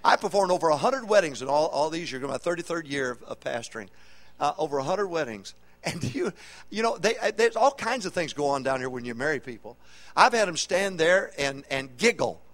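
A middle-aged man preaching a humorous, animated sermon as a pastor in a church auditorium, with call-and-response questions to the congregation. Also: on the high side, brisk.

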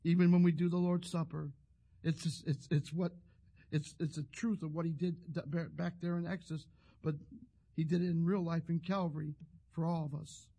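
A male pastor delivers a sermon in a high, husky voice. He tells a story and then leads a prayer. He often restarts and repeats words as he talks. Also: level tone, moderate pace, warm tone.

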